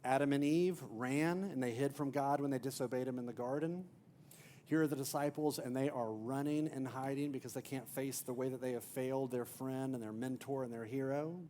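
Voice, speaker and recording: A man pastor preaching a sermon as an emphatic storyteller, swinging from loud to near-hushed. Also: mid-range voice, fairly even intonation, a little fast, slight background noise. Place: church.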